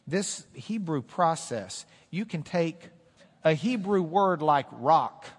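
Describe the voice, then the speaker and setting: A man preaching a sermon as pastor, rising loud and high when he quotes scripture and dropping low and quiet to explain. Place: church sanctuary. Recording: echoey hall.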